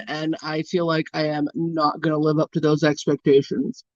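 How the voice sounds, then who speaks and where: Speaking in a deep, steady voice at a moderate pace with hardly any pauses, this drowsy livestream host does her makeup while chatting loosely with viewers. She teases them in a playful way and yawns a lot. The audio has no echo and sounds dull, lo-fi and dry.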